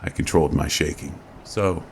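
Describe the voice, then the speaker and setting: A man reads a horror story aloud at a slow, measured pace. His voice sits extremely low with a gravelly fry, and faint noise hums underneath. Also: level tone. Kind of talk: scripted narration.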